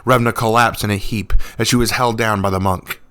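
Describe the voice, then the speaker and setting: A man reading a fantasy story aloud in a measured, even narration. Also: lowish voice, smooth, no echo.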